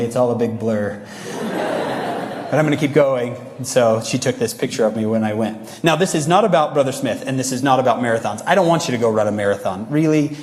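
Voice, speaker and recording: A man giving a motivational talk to young people, telling stories with energy and acting out quoted lines. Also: mid-range voice. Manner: animated storytelling, acts out quotes. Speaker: speaker addressing youth. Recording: echoey hall.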